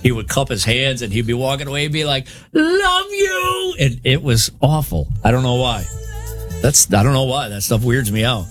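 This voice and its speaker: A man's voice: medium pitch, brisk, soft background music. A man co-hosting a radio show, talking in a blunt, matter-of-fact way in casual banter. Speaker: co-host.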